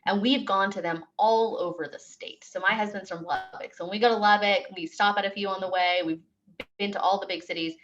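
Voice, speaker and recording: A woman hosting a podcast interview, chatting in a loose way that trails off and restarts. Her voice sits in a middle pitch. The recording is a little dull, with faint noise behind her. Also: fairly even intonation, fairly quick, few pauses, fairly bright tone. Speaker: podcast host. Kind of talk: casual interview chat.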